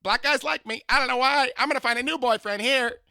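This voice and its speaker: A man voicing a loud, overfamiliar, tactless man of about sixty who chats up strangers. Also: extremely high pitch, fast, vocal fry, no echo, clean studio sound, pitched above the performer's own voice, full character voice. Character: tactless flamboyant chatty man around sixty.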